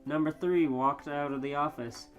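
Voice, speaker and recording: A man co-hosting a comedy podcast, reading fan fiction aloud with mock drama and bursts of shouting. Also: on the high side, fairly even intonation, moderate pace, dull audio, soft background music. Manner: reads aloud with sudden loud shouted quotes and laughs.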